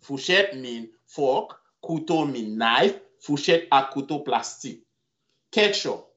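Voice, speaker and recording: Guy teaching vocab off slides, slow and patient, says every word over and over, kinda muffled lo-fi audio. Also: medium pitch, animated, fairly bright tone. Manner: slow, repeats each word several times. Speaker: language teacher. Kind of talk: slide-based language lesson. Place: home video call.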